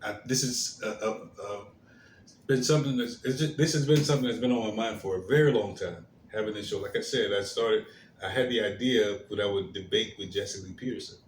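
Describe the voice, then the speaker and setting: A man hosting his own commentary stream, talking in a halting way with many fillers and restarts, his phrases trailing off softly. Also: lowish voice. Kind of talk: slow, hesitant solo commentary. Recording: roomy echo, faint background hiss.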